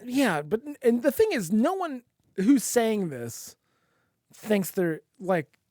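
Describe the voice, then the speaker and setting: A man's voice: sits high, very animated, slow, darkish tone, no room sound, studio quality. A man co-hosting a podcast in casual chat, rambling, restarting phrases and swearing casually. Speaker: podcast co-host.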